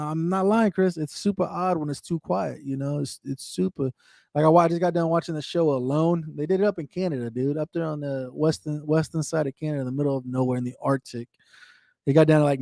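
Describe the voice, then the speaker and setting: A man's voice: on the high side, dark tone, dry recording, studio quality. A man from the United States, in his thirties, hosting a veterans' radio show and talking candidly in a rambling, earnest way that repeats itself. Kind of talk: candid casual talk to a co-host.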